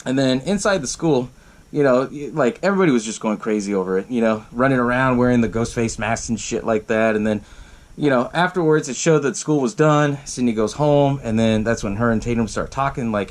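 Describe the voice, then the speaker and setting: A man's voice: medium pitch, animated, a little fast. A man hosting a podcast, retelling a horror film in a casual, rambling way, swearing often, laughing, and acting out the characters' lines. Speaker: podcast host. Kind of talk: casual movie recap.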